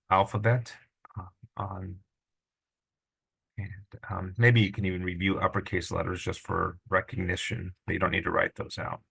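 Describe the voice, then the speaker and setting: Slow, gravelly-voiced male teacher. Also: low-pitched. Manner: relaxed, chatty, with many fillers. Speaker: Greek teacher. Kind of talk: recorded lesson walkthrough.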